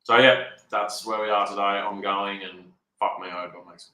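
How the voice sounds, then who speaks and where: A man's voice: fairly low pitch, level tone, moderate pace, few pauses, sharp tone, echoey room, poor audio. A man rambling through casual, unscripted market commentary as a trader, swearing a lot and sounding frustrated. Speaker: trader talking through his charts.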